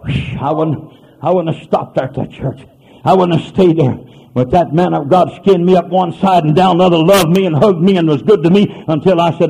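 A man preaching a holiness sermon as a pastor, moving between hushed storytelling and loud hollering. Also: a little high, brisk, gravelly, a little hiss or hum, rough recording. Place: church.

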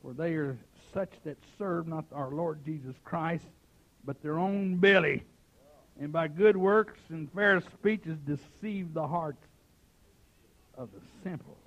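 A man preaching a fiery revival sermon, shouting some passages and dropping to a hush on others, peppering his talk with "amen.". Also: on the high side, takes it slowly, muffled recording. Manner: shouting preaching, swinging from loud to hushed; folksy, sprinkled with "amen".

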